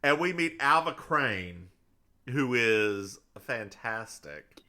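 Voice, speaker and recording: A man's voice: mid-range voice, very animated, slow pace, pushed and bright. A man co-hosting a podcast, playfully recapping a TV episode beat by beat. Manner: playful, recounting plot beat by beat. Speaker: podcast co-host.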